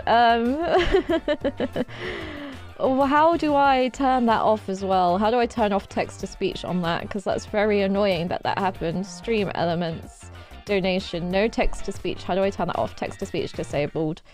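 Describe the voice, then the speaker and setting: A woman streaming live, chatting in a rambling, excitable way, repeating herself and giggling. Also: mid-range voice, measured pace, soft background music. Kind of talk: casual livestream chat.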